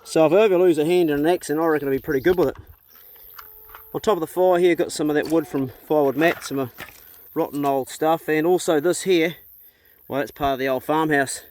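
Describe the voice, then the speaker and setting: A man's voice: on the high side, quick pace, darkish tone, slight background noise. Laid-back New Zealand man on a farm. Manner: laid-back, chatty, blunt and joking. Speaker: vlogger. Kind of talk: casual rural vlog narration. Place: rural farm, outdoors. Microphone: handheld phone or camera.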